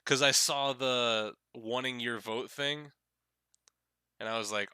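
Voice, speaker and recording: A man's voice: mid-range voice, steady tone, slow pace, pauses often, pushed and bright, clear, resonant tone, no room sound, clean studio sound. A man streaming a game, commenting casually and wryly with swearing. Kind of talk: casual let's-play commentary. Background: game music.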